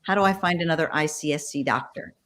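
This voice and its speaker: A woman's voice: sits low, fast, fairly bright tone. Upbeat woman coaxing a video call. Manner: upbeat, coaxing the audience to join in. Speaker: quiz presenter. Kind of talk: casual virtual party quiz.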